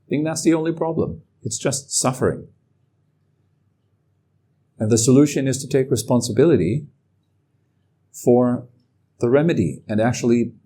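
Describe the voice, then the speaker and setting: A man giving a calm, reflective talk as a meditation teacher. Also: mid-range voice, breathy edge. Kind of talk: dharma talk.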